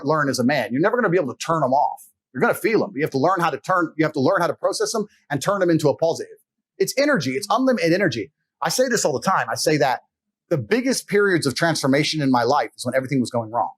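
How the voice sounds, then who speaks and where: Blunt, husky-voiced man lecturing. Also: a little high. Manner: confrontational, addresses listener directly. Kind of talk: motivational monologue.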